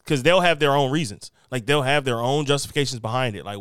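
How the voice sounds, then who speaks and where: A man's voice: mid-range voice, fast, fairly bright tone, smooth, dry recording, studio quality. A man hosting a casual podcast interview, asking long, thoughtful, searching questions. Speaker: podcast host.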